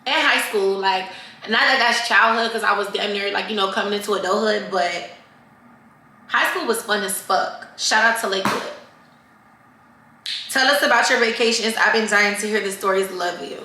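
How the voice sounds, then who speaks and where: A bright, forceful young woman chats straight to her viewers in a casual Q&A, candid, profane and lively. Her voice bounces around an echoey room. She speaks in a medium register. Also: mid-range voice, normal speed. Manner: candid, profane, animated, addresses viewers as y'all. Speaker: vlogger answering fan questions. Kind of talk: casual Q&A chat to camera.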